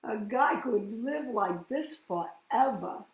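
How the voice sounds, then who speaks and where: A woman's voice: fairly high pitch, expressive, takes it slowly. A woman voicing a timid grown man, a janitor, in a children's storybook read-aloud, with anxious cries. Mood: content. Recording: roomy echoey room.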